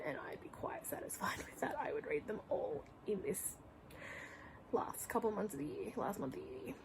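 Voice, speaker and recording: A woman's voice: medium pitch, creaky, darkish tone, slight background noise, rough recording. A young woman chatting casually in a reading vlog at home, gushing and rambling, often dropping to a whisper. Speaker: book vlogger. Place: home room.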